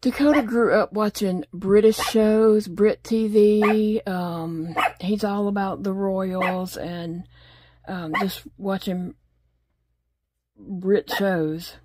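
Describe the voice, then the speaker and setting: A woman's voice: mid-range voice, fairly even intonation, takes it slowly, background noise. A middle-aged woman chatting casually at home while she crochets, rambling along and talking to her pets. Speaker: crochet vlogger. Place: home desk.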